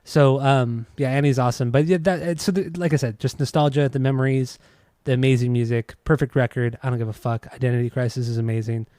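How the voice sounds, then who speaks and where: A man's voice: mid-range voice, fairly even intonation, fast talker, hardly any pauses, mellow, no echo, clean studio sound. A man hosting a casual music podcast, rambling through restarts and swearing freely. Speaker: podcast host.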